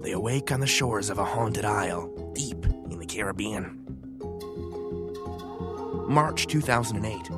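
A man voicing a grave male researcher, giving a scripted dramatic narration in a measured, solemn way. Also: lowish voice, animated. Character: Doctor Bill Farber, grave male researcher presenting found tapes. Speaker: narrator of a recorded intro. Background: music.

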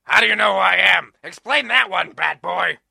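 A man's voice: sits high, moderate pace, gravelly, sharp tone, exaggerated voice. A man playing a blustering armored supervillain in a comedy radio play, with hammy, over-the-top delivery.

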